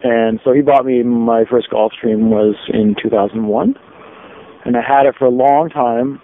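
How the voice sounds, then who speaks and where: A man casually telling a long anecdote on a podcast, in a relaxed, rambling way. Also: mid-range voice, moderate pace. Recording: tinny lo-fi phone-like sound.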